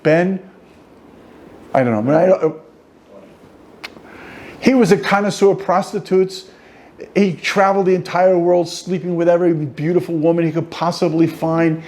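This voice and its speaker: A man teaching an informal class as a rabbi, an animated storyteller who jokes and goes off on asides. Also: high voice, normal speed, pauses often. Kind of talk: informal lecture. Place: study hall.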